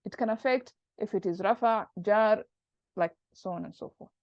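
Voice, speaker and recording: A woman's voice: medium pitch, moderate pace, no room sound. A woman teaching a grammar class, explaining patiently step by step and working through examples aloud. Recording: dull, dry lo-fi recording.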